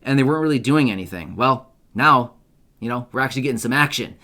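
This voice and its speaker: A man's voice: mid-range voice, lively intonation, fast talker, sharp tone. An upbeat male host chats straight to his viewers in a mid-range voice. His delivery is loose and conversational, with restarts and frequent checks that the audience is following. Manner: chatty, upbeat, asks viewers for agreement with repeated "right?"; loose, self-correcting delivery with fillers and restarts. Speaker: YouTube news host. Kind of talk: casual direct-to-camera commentary.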